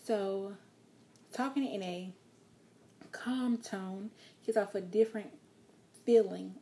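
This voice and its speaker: A woman giving a spoken lesson on vocal expression, talking calmly and encouragingly and changing her loudness and pace to show examples. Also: mid-range voice, takes it slowly. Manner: calm, encouraging, shifts loudness and pace to demonstrate. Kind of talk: instructional talk.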